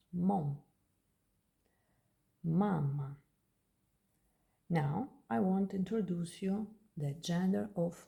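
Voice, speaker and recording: A woman with a Russian accent walks beginners through a lesson at a very slow, deliberate pace. Her voice is low and dark with a gravelly, creaky edge. She repeats each word patiently so learners can follow. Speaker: language teacher.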